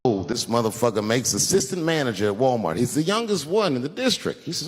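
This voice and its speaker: A man doing a stand-up routine, telling stories with animated swings between voices. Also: medium pitch, quick pace, hardly any pauses, slightly rough, big-room sound. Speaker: stand-up comedian.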